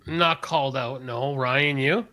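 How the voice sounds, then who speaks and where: A man's voice: medium pitch, a little slow, bright, forceful tone, no echo, studio quality. A man co-hosting a podcast who throws in short, wry reactions. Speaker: podcast co-host. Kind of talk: casual podcast chat.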